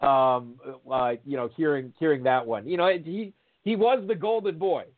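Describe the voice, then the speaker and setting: Guy rambling through a story on a tinny phone line, kinda high voice, lots of ums. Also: moderate pace. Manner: rambling, animated storytelling with many fillers and restarts. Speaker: guest storyteller. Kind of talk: casual anecdote telling.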